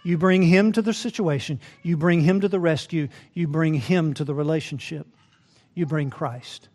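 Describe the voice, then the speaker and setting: A male pastor with a high-pitched voice delivers a sermon. He swings between loud, emphatic climaxes and soft, low asides, often asking his listeners "right?". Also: moderate pace. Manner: addresses listeners as beloved, asks rhetorical "right?".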